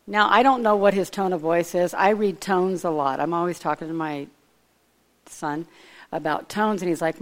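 Her voice fairly low and her pace moderate, a female preacher retells a Bible story in a casual sermon. She wanders off on tangents and thinks aloud as she goes.

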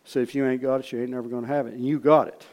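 A man preaching in a storytelling way, folksy and repetitive, swinging from loud re-enactment to hushed asides. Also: medium pitch, level tone, rapid-fire. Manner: repeats words, folksy speech. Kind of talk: storytelling sermon.

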